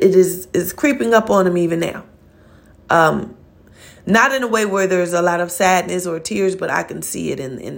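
A woman's voice: fairly low pitch, creaky. A woman hosting a faith-based motivational podcast, speaking earnestly and directly to listeners, often checking in with "okay?" and repeating words as she searches for phrasing. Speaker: podcast host.

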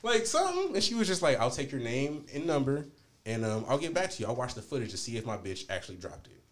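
Fast-talking man telling an angry story. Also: mid-range voice. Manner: animated, profane, quoting himself and others. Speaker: podcast host. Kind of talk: casual storytelling.

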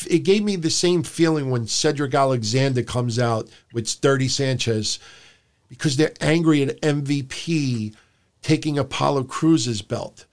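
A man co-hosting a podcast at an ordinary middle pitch, giving blunt and sarcastic opinions. He swears casually and mocks things he dislikes. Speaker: co-host of a wrestling podcast.

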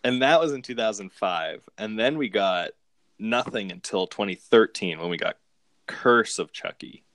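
Casting: low-voiced man, easygoing co-host, dry close sound. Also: animated, normal speed, fairly bright tone, no echo. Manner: rambling, amused, with frequent restarts and laughs. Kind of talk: casual chat recapping movies.

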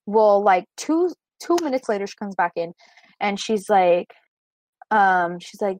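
A young woman co-hosting a podcast rambles through a work story packed with filler words, recorded remotely at home. Her mid-range voice has a darkish tone, moves at a moderate pace, and carries no echo.

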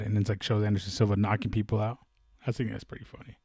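A man's voice: on the low side, level tone, fast talker, vocal fry, a little mellow, slightly rough, dry recording, studio quality. A man chatting casually about fights, rambling with many fillers and restarts. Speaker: fight commentator. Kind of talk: casual sports chat.

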